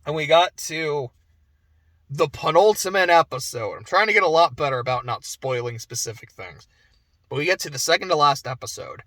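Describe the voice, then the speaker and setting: High, bright-voiced young man reviewing games. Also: moderate pace, no echo. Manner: animated, swears, laughs often, trails off into asides. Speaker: game reviewer. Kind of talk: casual spoken video review.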